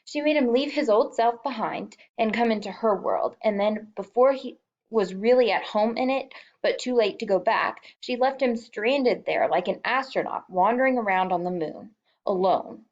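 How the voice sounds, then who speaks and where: A woman's voice: fairly high pitch, normal speed, darkish tone, lo-fi sound. A woman reading a novel aloud as an audiobook, emotive and lightly voicing the characters. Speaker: audiobook reader.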